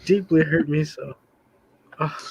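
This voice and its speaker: Tired guy rambling slow and joking around on a podcast, laughs a lot, slightly high voice. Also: fairly even intonation, creaky, darkish tone, husky, no room sound, poor audio. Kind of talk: casual podcast chat.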